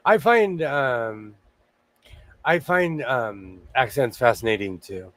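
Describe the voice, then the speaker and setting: A man's voice: medium pitch, lively intonation, slow pace, fairly bright tone, no room sound. An older man hosting a casual livestream chat, talking chattily and laughing easily. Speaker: host.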